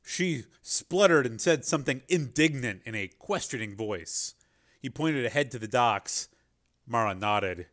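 A man's voice: medium pitch, expressive, unhurried, a bit bright. A man narrating a chapter of an adventure novel as an audiobook reader. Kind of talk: scripted narration.

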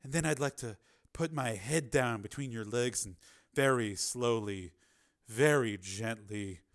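A male narrator voicing a seductive woman on the phone in a slow, breathy, hushed way. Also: medium pitch, close to an everyday voice. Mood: sultry.

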